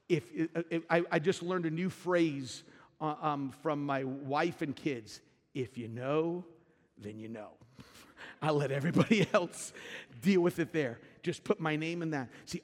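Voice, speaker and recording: Brief: middle-aged male pastor, emphatic sermon delivery, reverberant sanctuary. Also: a little high. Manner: preaching with rising, emphatic peaks and repeated lines. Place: church sanctuary. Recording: long hall reverb with faint music.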